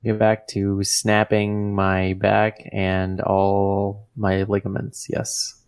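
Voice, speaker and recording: Gravelly, flat-toned male podcast co-host. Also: on the low side, slow pace. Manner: rambling, lots of "like". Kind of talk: casual chat.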